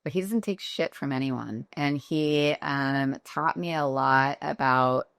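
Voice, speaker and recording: A woman's voice: a bass voice, takes it slowly, fairly bright tone, clean tone, no echo, clean studio sound. A middle-aged woman guest founder talking candidly in a casual interview, with lots of fillers. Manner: candid, chatty, many fillers. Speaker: guest, company founder and CEO.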